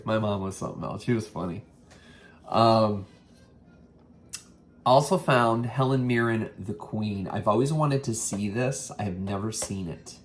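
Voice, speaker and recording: A man hosting a casual thrift haul vlog, rambling with many ums and self-corrections. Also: on the low side. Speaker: vintage reseller and vlog host.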